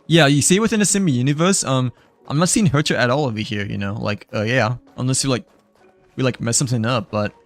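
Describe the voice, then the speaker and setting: A young man chatting casually while streaming a game, rambling with lots of filler words and trailing off. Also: medium pitch. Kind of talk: casual live-stream chat.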